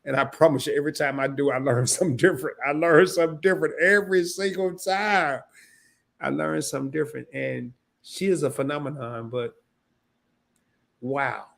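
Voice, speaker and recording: A man hosts a relaxed livestream conversation with a slightly raised pitch. He talks loosely, joking in slang and circling back over his own phrases. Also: creaky. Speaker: host. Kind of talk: casual livestream chat.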